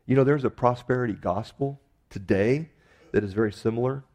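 A man's voice: medium pitch, fairly quick, a little mellow. A man preaching a sermon in a conversational way, with emphatic rises on key phrases. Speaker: pastor.

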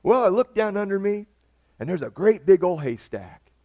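A man voicing a down-home fellow excitedly telling a tall tale in a sermon joke. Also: sits high, moderate pace, no room sound, pitched above the performer's own voice. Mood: eager. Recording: dull lo-fi recording.

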